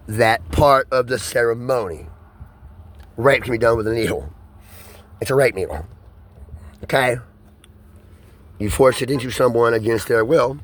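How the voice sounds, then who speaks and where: A man in a rambling, profane solo monologue, his pitch swinging between high and low. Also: gravelly, a bit bright. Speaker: vlogger.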